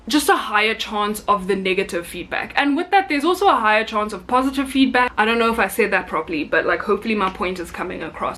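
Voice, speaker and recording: A woman's voice: medium pitch, fairly bright tone. A young South African woman, a flight attendant, talking casually to camera with chatty, apologetic asides.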